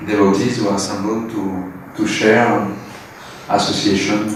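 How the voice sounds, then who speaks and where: A man's voice: fairly low pitch, level tone, unhurried. A man giving hesitant thanks, often laughing. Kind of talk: heartfelt thanks. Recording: echoey hall, distant mic, faint noise.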